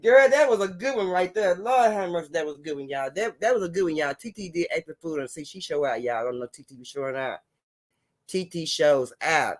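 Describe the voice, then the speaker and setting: Animated high-voiced man chatting on a livestream. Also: fairly quick. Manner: animated, laughing, repeats catchphrases. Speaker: livestream host. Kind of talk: casual livestream chat to viewers.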